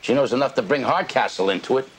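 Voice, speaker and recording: An actor playing an anxious, pushy schemer covering up a crime. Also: male voice, mid-range voice, fast talker, slight background noise, close to an everyday voice. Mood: worried. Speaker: schemer worried about a witness.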